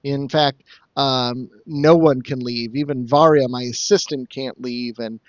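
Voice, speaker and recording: A man's voice: mid-range voice, fairly even intonation, measured pace, no echo, muffled recording. A man co-hosting a casual podcast, rambling through jokey plot recaps and slipping into mock quoted voices. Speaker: podcast co-host summing up episodes.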